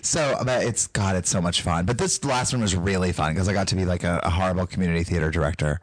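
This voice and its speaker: This North Carolina man, speaking with a Southern accent, is a casual podcast guest who breaks into quick mock voices. His voice sits low, with no echo at all.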